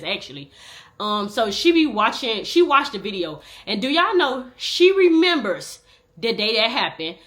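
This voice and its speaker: Animated slangy young woman telling a storytime. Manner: animated, slangy, swings between loud and low muttering. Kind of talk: candid personal storytime.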